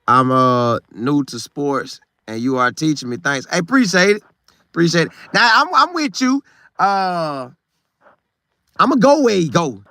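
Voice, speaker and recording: This is a Florida show host, a middle-aged man, going through viewer comments on a casual live stream in a chatty way, often repeating phrases for emphasis. His fairly high, sing-song voice moves a little slowly and sounds pushed and bright. The recording is dry with clean studio sound.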